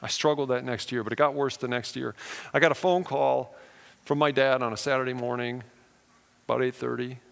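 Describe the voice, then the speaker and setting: A man's voice: mid-range voice, steady tone, a little fast, gravelly, a bit bright. A man, a pastor, preaching a sermon and telling personal stories in an earnest manner. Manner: earnest, personal storytelling with rising emphasis. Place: church sanctuary. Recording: long reverb of a church hall.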